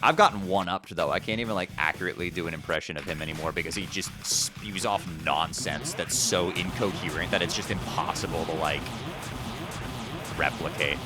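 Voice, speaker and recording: A young man streaming a game, chatting casually, laughing and swearing excitably. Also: low voice, a little fast, over loud music. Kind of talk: casual live-stream chat while gaming.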